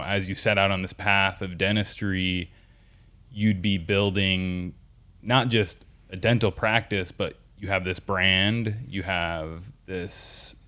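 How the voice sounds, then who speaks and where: A male podcast host with a low, deep voice who talks in a loose, casual way. His questions ramble, and he keeps restarting them with fillers before he reaches the point. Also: a bit bright, smooth. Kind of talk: casual interview chat.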